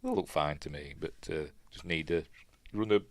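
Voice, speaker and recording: Low-pitched Yorkshire host, dry and close-miked, meandering chatty delivery full of fillers. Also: male voice, moderate pace, dry recording. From Yorkshire, England. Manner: rambling, chatty, lots of fillers, self-correcting. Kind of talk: casual live commentary while watching.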